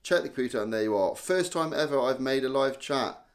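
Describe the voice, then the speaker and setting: A man's voice: mid-range voice, expressive, fairly quick. Chatty self-mocking man. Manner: chatty, self-mocking, reads viewer names aloud. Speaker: live stream host. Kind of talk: casual live-stream chat reading comments.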